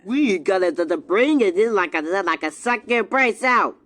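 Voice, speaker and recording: Someone doing a cartoon character with hiccups, excitable, yelping, swooping pitch, mid-height voice. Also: moderate pace, lightly acted. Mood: lively. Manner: excitable, full of yelps and exclamations. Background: music.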